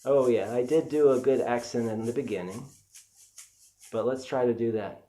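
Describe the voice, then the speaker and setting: Chatty male percussion teacher, mellow tone, easygoing lesson delivery. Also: mid-range voice, moderate pace. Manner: relaxed, chatty, with fillers. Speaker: music teacher. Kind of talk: casual instructional talk.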